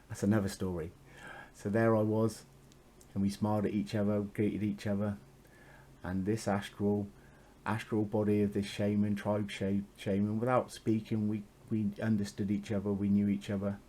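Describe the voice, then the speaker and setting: A man's voice: fairly low pitch, monotone, normal speed, dark tone, a little hiss or hum. A man telling a spiritual story in a casual, meandering monologue, swearing freely and chuckling often.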